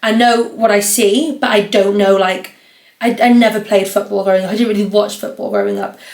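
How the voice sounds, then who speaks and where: A woman's voice: mid-range voice, animated, fairly quick, a little mellow. Chatty young woman rambling. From North East England. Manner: rambling, chatty, lots of "like" fillers. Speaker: podcast host. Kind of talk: casual solo podcast chat. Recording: roomy echo.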